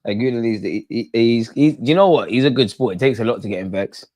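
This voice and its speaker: A man hosting a live football watch-along, chatting in excitable, slangy banter with his viewers. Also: medium pitch, fast talker, no echo. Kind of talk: live fan commentary and chat.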